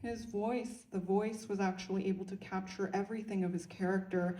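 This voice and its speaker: A woman interprets a director's words into English with a clear, even delivery. Her voice sits at a typical middle pitch. She sounds a little distant from the mic. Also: fairly quick, a little hiss or hum. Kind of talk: consecutive interpreting.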